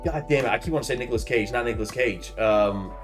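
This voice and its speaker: A man in his thirties, a podcast co-host, telling a story in casual chat. He swears freely and acts out his shouted reactions. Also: mid-range voice, fast talker, faint music behind.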